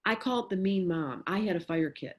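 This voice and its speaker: Speaking briskly in a fairly low voice, a middle-aged astrologer addresses parents informally, lively as she performs the words she'd use with a child.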